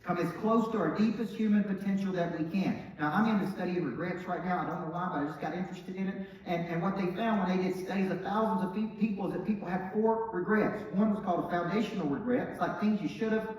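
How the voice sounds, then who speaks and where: A middle-aged man with a Southern accent giving an emphatic motivational talk, dropping low and quiet, then rising loud and bold. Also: quick pace, hardly any pauses, highs cut off. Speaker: motivational speaker. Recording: echoey hall, from far off.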